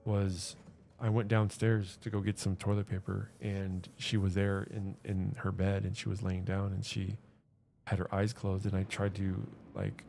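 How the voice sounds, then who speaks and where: A man's voice: deep voice, gravelly, mellow, a little hiss or hum. A man streaming, telling a personal story in an earnest, rambling way with many restarts and repeated words. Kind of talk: casual livestream chat.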